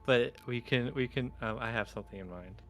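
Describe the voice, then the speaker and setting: A man's voice: mid-range voice, fairly quick, fairly bright tone. A man playing in a tabletop game, making dry, wry remarks. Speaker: player.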